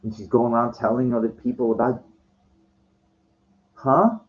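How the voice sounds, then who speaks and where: A vlogger tells a story as a casual rant, agitated and profane, frequently stumbling and restarting his sentences. His medium-pitched voice is level in tone at normal speed. The recording is dull and lo-fi.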